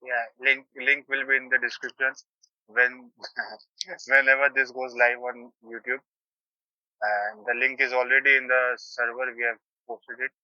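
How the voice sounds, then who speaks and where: A man's voice: mid-range voice, flat delivery, unhurried, bright, forceful tone, no echo, lo-fi sound. A man co-hosting a podcast, polite and a little hesitant. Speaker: podcast co-host. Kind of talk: casual chat.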